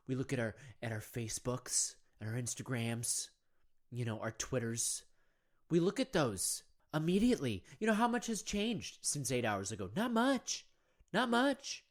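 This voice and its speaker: Rambling conspiratorial male podcast host. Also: medium pitch. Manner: rambling, conspiratorial, full of rhetorical questions; keeps asking "right?" and "you know". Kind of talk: podcast monologue.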